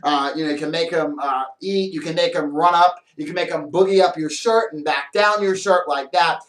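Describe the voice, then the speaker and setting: Brief: male magician host, high voice, loose and rambling, recorded in an echoey little room. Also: moderate pace, fairly bright tone. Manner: chatty, rambling, with many fillers and playful asides. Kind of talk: casual how-to talk on magic. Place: small room with a counter and shelves.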